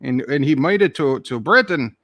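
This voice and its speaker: A man's voice: medium pitch, animated, normal speed, fairly bright tone, dry recording. A man voicing a jolly Irish leprechaun who rambles through tall tales, full of "aye" and "wee lad", with a put-on Irish accent. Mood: storytelling. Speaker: channel host. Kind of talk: comic character monologue.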